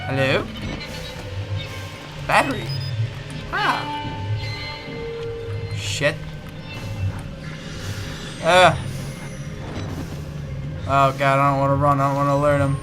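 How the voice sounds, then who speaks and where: A man's voice: medium pitch, lively intonation, slow pace, long pauses. A man commentating a horror game, muttering and swearing nervously to himself. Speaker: let's play gamer. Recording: game music behind voice.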